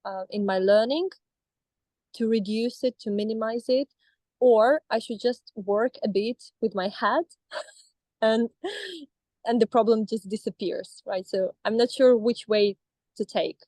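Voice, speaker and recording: A woman's voice: a little high, steady tone, unhurried, dark tone, no echo, poor audio. A woman in her thirties from Russia, speaking English with a Russian accent, hesitant with many restarts, in a coaching session. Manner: hesitant, with frequent restarts and fillers. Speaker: coaching client.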